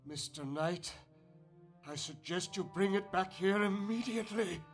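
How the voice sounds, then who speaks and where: A Scottish-accented aristocrat in a video game, guarded and condescending, his voice sitting a touch higher than most men's. Faint music plays underneath his clipped, formal lines. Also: a little slow. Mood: haughty.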